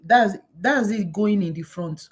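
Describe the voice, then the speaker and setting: A woman from Nigeria, moderating a panel and telling self-mocking stories in a lively way. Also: medium pitch, measured pace. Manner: animated, self-mocking storyteller. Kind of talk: conversational panel facilitation.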